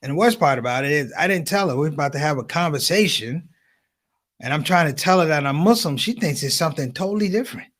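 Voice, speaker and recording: Doing stand-up, this man tells stories to the crowd and calls them brothers and sisters. His voice is fairly high-pitched and he talks fast, with animated storytelling throughout.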